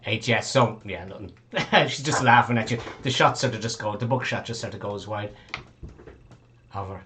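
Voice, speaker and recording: A man's voice: lowish voice, normal speed, bright, forceful tone, a little hiss or hum. A man narrating a tabletop game as game master, rambling, swearing casually and laughing often.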